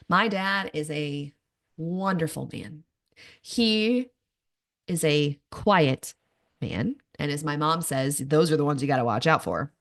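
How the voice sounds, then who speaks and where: A woman's voice: deep voice, slow pace. A woman in her thirties hosting a podcast, telling personal stories candidly with self-mocking asides. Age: 30s. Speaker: podcast host. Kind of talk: personal monologue.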